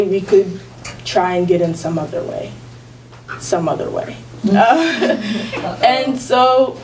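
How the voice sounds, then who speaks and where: A woman's voice: medium pitch, darkish tone. A teenage girl tells a personal story at a school gathering, rambling casually and laughing as she goes. Her voice sits in the middle range. She is picked up from a distance, with a faint hum of the room behind her. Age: teens. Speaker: student storyteller. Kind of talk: personal storytelling at a live event. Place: school event space.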